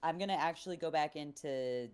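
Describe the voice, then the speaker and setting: A woman's voice: sits low, fairly quick, a little mellow, clean tone. A woman producer casually explaining how she mixes a vocal, talking with lots of fillers. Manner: chatty, explains with fillers, calls out numbers. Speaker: music producer teaching mixing. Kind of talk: casual studio tutorial.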